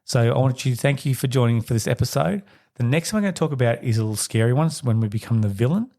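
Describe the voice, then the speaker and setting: A man's voice: expressive, fast talker, warm tone. A man hosting a solo parenting podcast, talking to listeners in a reflective, conversational way. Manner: acts out quoted voices in a higher pitch. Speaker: podcast host.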